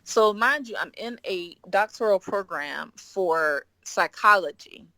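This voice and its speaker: A woman guest on a podcast telling a story in animated chat, often acting out what she and others said. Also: medium pitch, takes it slowly, no room sound. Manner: lively, quotes herself and others in acted voices, frequent "like".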